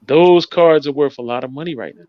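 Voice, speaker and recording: A middle-aged man in a casual chat, emphatic and animated. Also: on the high side, a little fast, dull audio.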